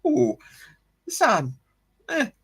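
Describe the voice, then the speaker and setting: A man's voice: very high voice, wildly swooping pitch, very slow, fairly bright tone, breathy edge. A man hosting a casual live stream, rambling about history, correcting himself and chuckling as he greets viewers.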